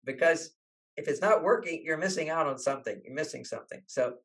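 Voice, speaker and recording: Older guy author on a podcast, kinda high voice, acts out everyone in his stories. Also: fairly quick. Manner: animated, acts out quoted voices. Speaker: relationship author and guest. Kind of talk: storytelling interview talk.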